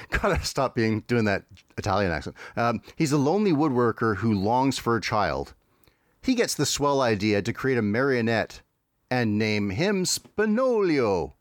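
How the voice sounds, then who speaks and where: Lively-voiced man recapping cartoons. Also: mid-range voice, no room sound. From Canada. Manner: laughs often, recaps with dry jokes. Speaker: podcast co-host. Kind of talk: casual chat, summarizing cartoons.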